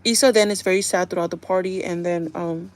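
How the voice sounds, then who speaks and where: A woman live streamer in casual chat, retelling a TV episode in a chatty, animated way and laughing often. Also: lowish voice, brisk. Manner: chatty and animated, full of "like" and "kinda".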